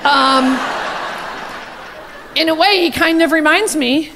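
High gravelly woman doing loud gossipy standup, faint noise behind. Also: unhurried, a crowd in the background. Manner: brash, gossipy, profane. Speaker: stand-up comedian. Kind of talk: stand-up comedy. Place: comedy stage.

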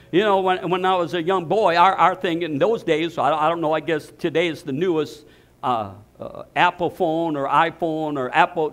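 A man's voice: high voice, a bit bright. An older male pastor preaching a sermon, emphatic and repeating words as he builds each point. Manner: repetitive, emphatic, restarts phrases.

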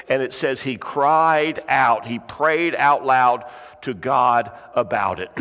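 A middle-aged male pastor delivering a sermon with earnest, repetitive exhortations and frequent throat clearing. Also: on the high side, sharp tone. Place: church sanctuary. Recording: long hall reverb.

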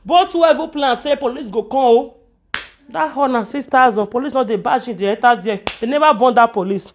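A woman's voice: a little high, brisk, lo-fi sound. A woman with a Nigerian accent giving an emotional monologue to camera, pleading and ranting, slipping into chanted lines in a local language. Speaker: social media personality.

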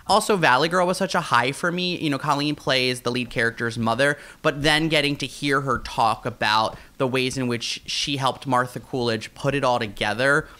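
A man co-hosting a podcast, riffing in an animated way with many fillers. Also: mid-range voice, normal speed, hardly any pauses. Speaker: podcast co-host. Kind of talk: casual podcast chat.

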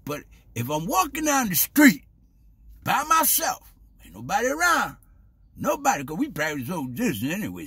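A man talking casually to the camera in a preachy, animated way, stumbling over repeated words and dropping in "man" and "baby". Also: sits high, breathy edge, no echo. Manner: street-style grammar, says "man" and "baby". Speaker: vlogger. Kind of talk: casual spoken monologue.

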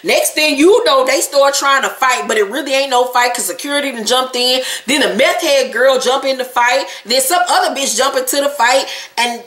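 A woman's voice: sits high, moderate pace, few pauses, fairly bright tone. Sassy, profane woman in an echoey room. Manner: brash, sassy and profane, with blunt jokes. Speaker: vlogger reviewing reality TV. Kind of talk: casual recap commentary.

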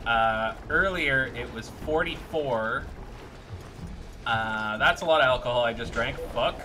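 A man's voice: medium pitch, noisy background. A Canadian man from British Columbia giving casual, joking, self-deprecating gameplay commentary as a streamer, with some swearing. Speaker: game streamer.

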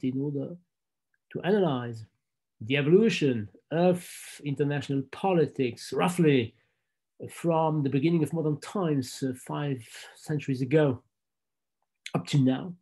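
A middle-aged man with a French accent giving a university lecture, measured and halting, with frequent fillers and restarts. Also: a little high, warm tone. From France. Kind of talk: academic lecture.

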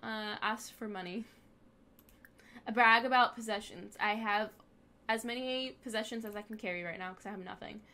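A woman's voice: mid-range voice, normal speed, bright, forceful tone. A young woman hosting a gaming video, casually commenting on her play and scolding the game characters as she goes. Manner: chatty, talks back at the game characters.

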